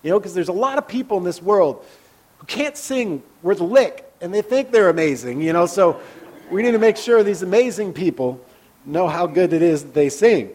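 A man preaching a conversational sermon as a pastor, candid and personal, often dropping into soft, hushed asides. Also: high voice, lively intonation, normal speed.

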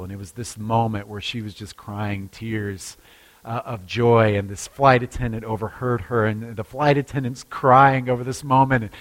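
A male pastor in the middle of a sermon, telling a story in a lively, conversational way. He stumbles into quick restarts and lifts his voice when he acts out the people in the story. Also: mid-range voice. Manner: lively storytelling, acting out quotes, frequent restarts.

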